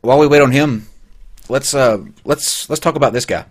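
A man hosting a casual panel chat, moderating briskly and moving topics along. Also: mid-range voice, noisy background. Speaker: podcast host.

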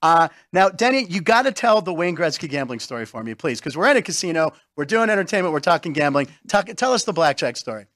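A man's voice: a little high, sing-song, quick pace, few pauses, fairly bright tone. Joking talk show host man. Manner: jokey, name-dropping, eggs guests on. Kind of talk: casual talk show chat.

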